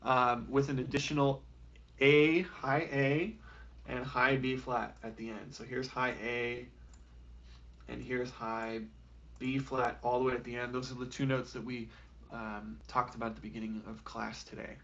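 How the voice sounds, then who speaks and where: A man leads a beginner flute class over a live stream, speaking in a relaxed, encouraging way with lots of "um" and "okay". His voice sits in a middle pitch, and the audio is a little dull and lo-fi. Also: unhurried. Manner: casual, encouraging, with frequent fillers. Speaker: music teacher. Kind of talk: live online music lesson.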